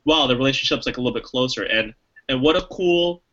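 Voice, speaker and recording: This man, a podcast co-host, chats casually about a movie in a fast, fairly bright mid-range voice. He rambles with many restarts and fillers and acts out lines he quotes. The audio is dull.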